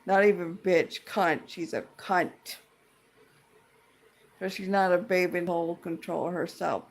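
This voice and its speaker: A woman's voice: fairly low pitch, fairly even intonation, slow pace. A woman ranting in a casual vlog, profane, rambling and indignant as she vents like a fed-up tenant. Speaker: tenant venting about a dispute.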